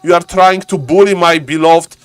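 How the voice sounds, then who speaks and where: A man's voice: high voice, fairly even intonation, normal speed, clean tone, dry recording, natural voice. A man voicing an indignant male esports coach who pleads with his student in a whiny way.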